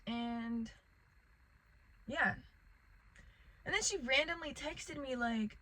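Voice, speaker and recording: A woman's voice: high-pitched, takes it slowly, pauses often, pushed and bright, a little hiss or hum, low-quality recording. A young woman telling a rambling casual storytime vlog to the camera, packed with "like" and fillers. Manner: rambling, filler-heavy, lots of "like".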